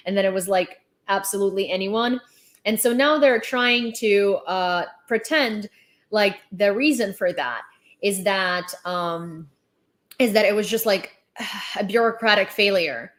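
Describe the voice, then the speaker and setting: A young adult woman livestreams casual commentary on the news in a mid-range voice. Her delivery is chatty and sarcastic, full of fillers and restarts.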